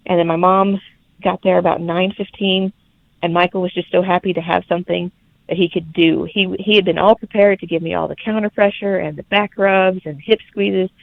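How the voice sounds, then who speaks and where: A young woman, telling her birth story as a podcast guest in lively, laughing casual chat. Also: on the low side, a little fast, gravelly. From Alabama, USA. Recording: tinny phone-like remote line.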